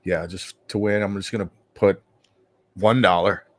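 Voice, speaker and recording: A man's voice: fairly low pitch, steady tone, moderate pace, slight background noise. A man co-hosting a podcast, chiming in on live fight commentary with brief, laid-back replies. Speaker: podcast co-host.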